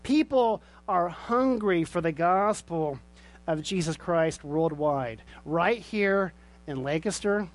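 Preacher, male, high voice, earnest sermon and prayer delivery. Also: lively intonation, slow. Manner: earnest preaching with rhetorical questions. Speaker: pastor.

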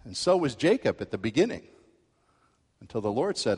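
A male pastor preaching a sermon, telling a story with lively acted-out quotes. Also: medium pitch, moderate pace, slightly rough, big-room sound. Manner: animated storytelling, acts out quoted voices.

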